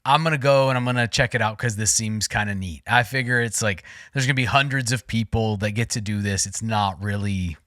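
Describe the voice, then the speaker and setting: Bright-voiced man in his forties telling a story. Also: on the low side, a little fast, hardly any pauses, no room sound, clean studio sound. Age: 40s. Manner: rambling, excitable, lots of fillers and restarts. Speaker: podcast co-host. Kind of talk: casual storytelling chat.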